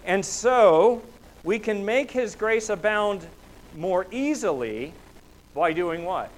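A man's voice: high voice, lively intonation, takes it slowly, rough recording. A man preaching a sermon in a church, asking rhetorical questions and pushing his voice up for emphasis. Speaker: pastor.

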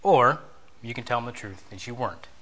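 A man's voice: mid-range voice, expressive, a little fast, a bit bright. A man giving a conversational sermon lesson, telling a story, acting out bits of dialogue and asking his listeners questions.

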